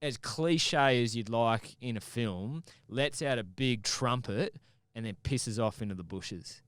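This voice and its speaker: A man telling an animated, sweary story in casual podcast conversation. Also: mid-range voice, measured pace, clear, resonant tone, no room sound, clean studio sound. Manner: animated, swears freely, acts out his own shouts. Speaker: podcast guest.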